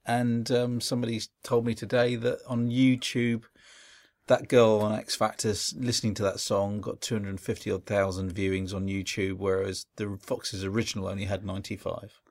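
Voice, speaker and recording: A man's voice: on the low side, level tone, normal speed, a little mellow. An English man co-hosting a podcast, telling rambling stories and swearing casually. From England. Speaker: podcast co-host. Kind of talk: casual chat.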